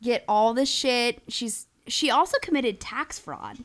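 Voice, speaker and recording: A young woman co-hosting a podcast, her voice sitting a little high. She tells a crude story in casual chat, animated and laughing as she goes. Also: measured pace. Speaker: podcast co-host.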